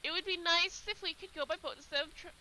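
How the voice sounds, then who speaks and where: A woman's voice: very high voice, fairly even intonation, quick pace, bright, forceful tone, a little hiss or hum, voice pushed up, heavily acted, rough recording. A woman voicing a wise kindly badger lord.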